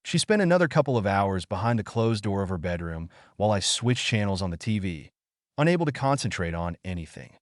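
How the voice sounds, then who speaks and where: A man's voice: fairly low pitch, big pitch swings, fairly quick, no room sound. Dramatic guy narrating a story, voice jumps up and down a lot, totally dry. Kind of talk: first-person story narration.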